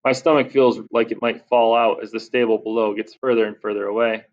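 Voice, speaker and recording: A man giving lively, expressive first-person narration of a children's audiobook. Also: fairly low pitch, a little fast, dull audio.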